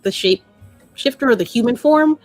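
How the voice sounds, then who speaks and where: A woman's voice: fairly high pitch, animated, moderate pace, faint music behind. A woman co-hosting a casual comic review podcast, playful and giggly as she gives her critiques. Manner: playful, giggly, food metaphors. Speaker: podcast co-host.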